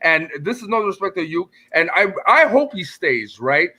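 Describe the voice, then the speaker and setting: A man from Montreal with a bright, slightly high voice co-hosts a casual live-stream panel chat. He is hesitant, stumbles into restarts and repeats himself. He joins over a video call. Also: sing-song, normal speed, husky. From Montreal, Canada. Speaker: panel co-host.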